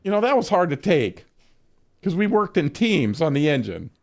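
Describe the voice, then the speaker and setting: A man with a notably high-pitched voice spins a long, rambling yarn between moments of gameplay. He swears freely, trips over his own restarts and keeps breaking into laughter. He sounds middle-aged and casual, like a streamer chatting to his viewers. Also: very animated, moderate pace, darkish tone. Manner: profane, rambling, laughs often. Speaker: game streamer. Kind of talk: casual storytelling during a game stream.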